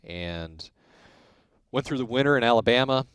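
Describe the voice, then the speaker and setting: A man's voice: medium pitch, moderate pace, clean tone, no echo. A man in his forties, originally from Illinois, telling stories about his racing career in a casual interview and acting out the dialogue. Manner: animated storyteller acting out quoted dialogue. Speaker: guest, racing crew chief.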